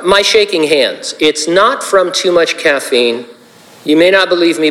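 A male pastor preaching in a relaxed, conversational way, with jokes and asides to the congregation. His voice sits at an ordinary middle pitch and rings out with the long reverb of a large hall. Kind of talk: sermon.

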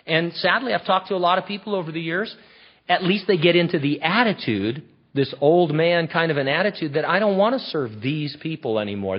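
A man preaching a sermon in an animated, conversational, emphatic way. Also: on the high side, a little fast, husky. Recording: dull lo-fi recording.

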